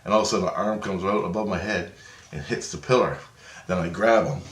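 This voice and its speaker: A man casually telling a rambling, excitable story and swearing freely as he goes. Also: deep voice, fast talker. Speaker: vlogger. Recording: echoey room.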